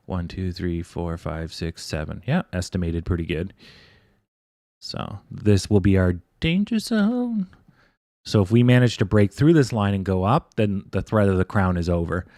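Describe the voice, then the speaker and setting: Man, low voice, dry close mic, casual rambling streamer. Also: expressive, a little slow, dark tone, no room sound. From Canada. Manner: casual, rambling, thinking aloud with restarts. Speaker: stock trading streamer. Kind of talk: live stream chart commentary.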